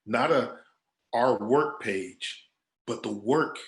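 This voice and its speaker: Man, guest speaker, casual storytelling, middle pitch, roomy echo. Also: slow pace. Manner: animated storyteller acting out quoted voices. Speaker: guest speaker, agency creative director. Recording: echoey room.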